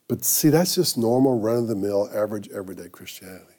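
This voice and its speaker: A man preaching a sermon, telling a story in a conversational, halting way with frequent restarts. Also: on the low side, mellow. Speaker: pastor.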